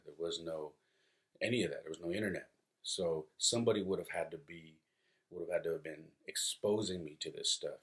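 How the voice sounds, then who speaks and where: Deep-voiced man rambling on a podcast. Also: a bit bright. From California. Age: 40s. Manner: rambling, conversational, many fillers and restarts. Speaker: podcast host. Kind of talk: casual solo podcast monologue.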